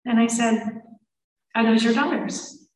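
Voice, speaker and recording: A woman's voice: fairly high pitch, fairly even intonation, a little slow, a little mellow, far from the mic. A woman giving a personal testimony to an audience, emotional and acting out the voices of the people she quotes. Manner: emotional, quoting others in changing voices. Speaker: speaker sharing a recovery story. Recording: roomy hall, voice from off-mic.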